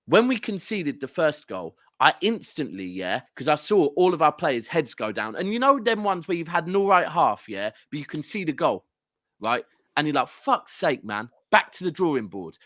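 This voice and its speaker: A man's voice: fairly high pitch, a bit bright, dry recording, clean studio sound. A man with a southern English accent, a guest football fan ranting animatedly and swearing in casual podcast chat. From southern England.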